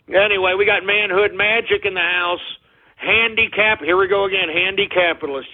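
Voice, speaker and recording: A man's voice: sits high, fairly even intonation, measured pace. A man with a Texan accent hosting a talk radio show, ranting belligerently and hurling profane insults at his listeners. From Texas. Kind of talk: abrasive call-in radio rant. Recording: phone-like lo-fi radio audio.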